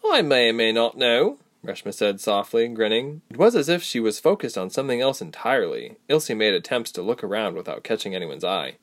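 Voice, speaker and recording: A man's voice: fairly low pitch, brisk, few pauses. A man narrating a fantasy novel as an audiobook, telling it expressively. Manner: expressive storytelling.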